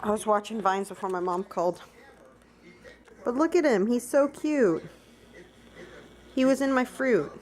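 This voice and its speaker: A woman's voice: on the high side, animated, a little slow, long pauses, darkish tone. A young woman talking casually to her viewers in a daily vlog, chatty and full of "like" fillers. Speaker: vlogger.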